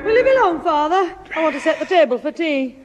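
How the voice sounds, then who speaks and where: A brisk homely mother. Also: high-pitched, sing-song, long reverb tail, faint music behind. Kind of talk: 1960s radio sitcom acting.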